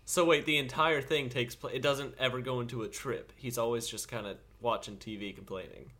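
Man, southern us accent, bright voice, casual podcast chat, jokey. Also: mid-range voice, fairly even intonation, fairly quick. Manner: jokey, teasing, leads the discussion. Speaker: podcast co-host.

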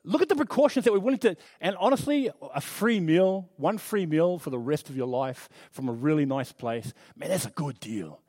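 High-voiced man preaching earnestly. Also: lively intonation, moderate pace, few pauses, a little mellow, no echo. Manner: earnest, storytelling, frequent restarts. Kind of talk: conversational sermon.

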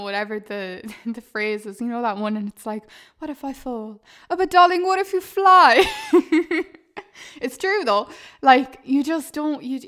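A woman, chatting earnestly on her podcast, laughing often and calling her listeners "lads". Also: on the high side. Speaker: podcast host and YouTuber. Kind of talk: casual podcast chat.

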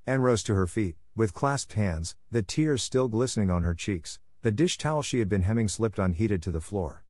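A man reading a classic novel aloud in measured, expressive scripted narration. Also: fairly low pitch, dry recording, studio quality. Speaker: audiobook reader.

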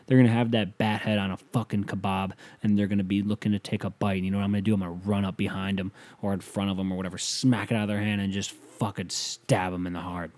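A man hosting a podcast, delivering a casual comedic monologue as a profane, rambling rant that swings between mumbled asides and loud outbursts. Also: fairly low pitch, level tone, fast, few pauses. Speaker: podcast host.

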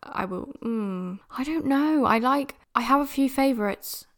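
A woman's voice: high-pitched, expressive, a little slow. A young British woman from the UK hosting a podcast, talking casually about a film in a chatty, rambling way. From United Kingdom. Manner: chatty and rambling, with many restarts and fillers. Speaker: podcast host.

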